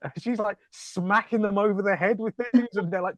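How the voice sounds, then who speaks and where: A man co-hosting a casual film-review podcast, talking with jokey enthusiasm and quick tangents. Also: sits high, no echo. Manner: enthusiastic, jokey, slips into silly put-on voices. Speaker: film magazine writer and podcast co-host.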